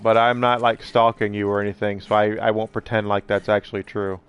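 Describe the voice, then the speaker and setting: A man's voice: fairly low pitch, flat delivery, fairly quick, smooth, highs cut off. A middle-aged man streaming live, rambling casually and answering his viewers' chat messages.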